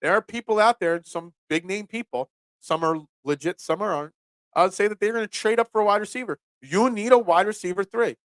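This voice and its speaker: Male sports talk host, chatty and animated, recorded dry. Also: sits high, dry recording. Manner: rambling, animated storyteller. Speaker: sports podcast host and pizza shop owner. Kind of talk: casual sports talk show.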